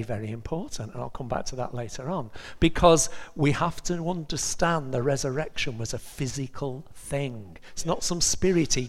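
A man preaching a sermon in a lively, conversational way, with asides to his congregation. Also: medium pitch. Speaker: pastor. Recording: reverberant hall recording.

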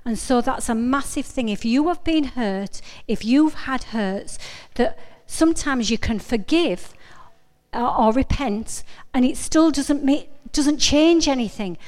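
A woman's voice: high-pitched, lively intonation, a little slow, a little mellow. A middle-aged woman giving an informal, earnest sermon, chatty and often breaking off to correct herself. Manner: chatty, self-interrupting, earnest. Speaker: preacher. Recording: long reverb of a hall.

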